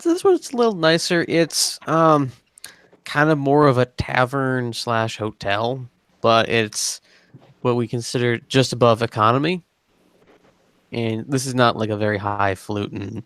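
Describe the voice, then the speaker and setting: A man's voice: medium pitch, smooth, no room sound. A man running a tabletop game as game master, narrating scenes in a casual, rambling way with frequent fillers.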